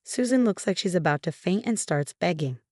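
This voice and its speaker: A woman narrating a scripted first-person story, reading all the characters in one steady voice. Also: fairly low pitch, normal speed, no room sound, clean studio sound.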